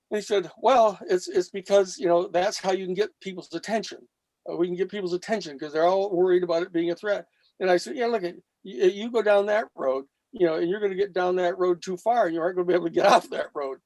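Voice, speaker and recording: A man's voice: high-pitched, fast, no room sound. A man guest on a panel show, telling long stories and acting out quoted speech with blunt, salty language. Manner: animated, acts out quoted speech with profanity. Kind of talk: storytelling in a panel discussion.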